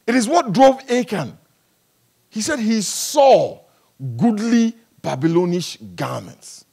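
Male pastor with a high voice, lively and humorous preaching that swings between hushed and loud. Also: slightly rough. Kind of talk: sermon. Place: church service.

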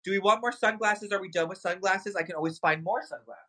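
Guy running a live shopping stream, bright kinda high voice, super hyped about the stuff. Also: quick pace, breathy edge, poor audio. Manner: excitable, hyping products to viewers. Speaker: livestream shopping host. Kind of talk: live sales stream chat.

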